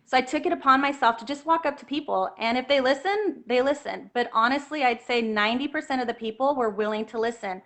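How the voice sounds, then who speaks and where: A woman telling a personal story in an earnest, animated way, at times close to tears. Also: high-pitched, fast talker, hardly any pauses. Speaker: guest telling her story.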